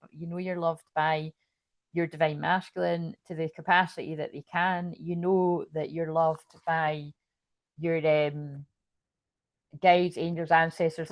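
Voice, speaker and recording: A woman's voice: lowish voice, no room sound. A woman reading tarot in casual talk, rambling, swearing and laughing as she tells a story. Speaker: tarot reader.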